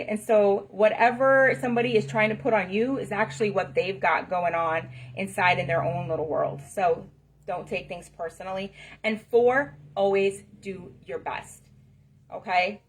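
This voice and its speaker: A woman's voice: mid-range voice, a little slow, a little hiss or hum. A middle-aged woman giving an emphatic motivational talk to camera, passionate and repetitive, checking in with "okay?" and "right?". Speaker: spiritual self-help speaker.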